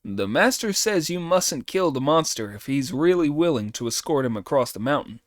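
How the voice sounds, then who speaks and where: A man's voice: fairly high pitch, animated, moderate pace, no echo, studio quality, natural voice. A man doing an earnest, loyal disciple. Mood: urgent.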